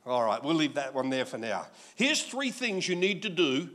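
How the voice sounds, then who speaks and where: An Australian pastor in his sixties gives a sermon full of humor and lively storytelling. He speaks at normal speed, his voice on the high side.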